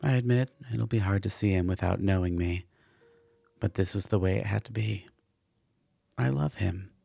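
A tender, loyal woman who soothes her friend, gentle and warm in manner, as a storyteller reads her. The voice stays deep and husky, with a gravelly edge, dry and close. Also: normal speed, dry recording, soft background music. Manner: affectionate, soothing.

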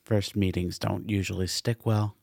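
A man's voice: on the low side, level tone, normal speed, gravelly, darkish tone, dry recording. A man voicing a brooding ferryman spirit in dog form, speaking in a weary, doubtful way.

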